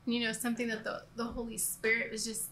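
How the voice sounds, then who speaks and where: A woman's voice: on the high side, monotone, fast, fairly bright tone, a little hiss or hum. A woman giving a casual, earnest church talk, rambling with restarts and laughing at herself now and then. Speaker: church co-leader. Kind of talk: conversational church teaching.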